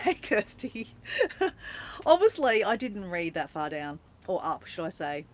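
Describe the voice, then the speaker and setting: A woman's voice: mid-range voice, slow, slight background noise. An Australian woman chatting casually on a livestream from her camper van, playful and talkative as she greets viewers. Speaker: vlogger greeting live viewers.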